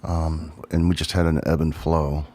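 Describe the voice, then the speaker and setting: A man's voice: very deep voice, flat delivery, moderate pace, mellow. A middle-aged man, a drummer, casually thinking aloud about his old band on a livestream, with lots of ums. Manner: rambling, reminiscent, thinks aloud with many ums. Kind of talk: casual solo livestream talk.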